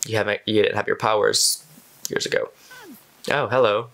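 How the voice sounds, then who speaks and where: Man, reaction video host, casual chatter, quick exclamations at the screen. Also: lowish voice, fairly even intonation, gravelly, fairly bright tone, poor audio.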